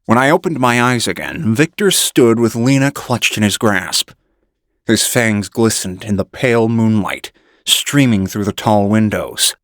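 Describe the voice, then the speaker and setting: A man reading an audiobook in measured first-person narration. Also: fairly low pitch, dry recording, studio quality.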